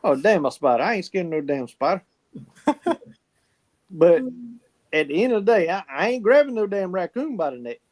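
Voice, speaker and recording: A man telling folksy stories in casual chat, swearing freely and laughing often. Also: high voice. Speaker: podcast co-host.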